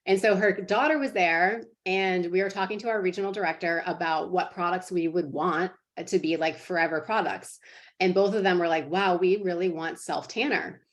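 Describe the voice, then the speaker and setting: A woman in her thirties with a slightly low voice chats to her sales team over a video call. She is earnest and encouraging, full of "like" and "um," and her stories tumble out in a loose, friendly ramble. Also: moderate pace. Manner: chatty, filler-heavy, earnest and encouraging. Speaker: team leader coaching sales partners. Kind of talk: casual motivational talk to a team call.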